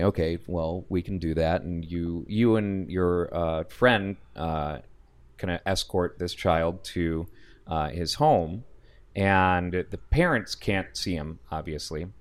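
A man on a casual podcast chat, recounting a video game's story in a laid-back way with lots of fillers. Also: deep voice. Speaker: podcast co-host.

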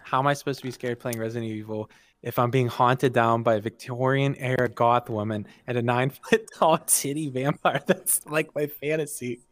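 A man's voice: medium pitch, fairly even intonation, moderate pace. A young man joking with enthusiasm in a casual podcast chat.

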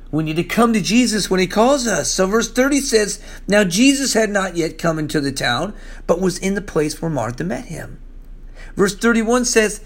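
Animated preacher man, rather high voice. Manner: animated, swings from loud exclamations to low hushed asides; reads scripture aloud and comments on it. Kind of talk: sermon.

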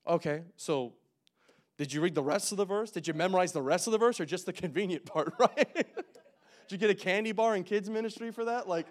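A young man preaching a casual, conversational sermon, joking and making quick asides as he works through scripture. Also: high-pitched. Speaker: pastor.

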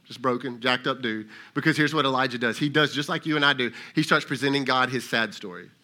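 A man's voice: medium pitch, fast, bright, forceful tone. A male lead pastor preaching a sermon in a casual, conversational way, sometimes acting out voices of God and Elijah.

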